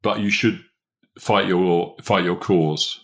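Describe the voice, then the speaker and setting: Deep-voiced man chatting on a podcast. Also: steady tone, slow pace, vocal fry. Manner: conversational, emphatic, chuckles often. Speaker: podcast host, business consultant. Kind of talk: casual podcast chat.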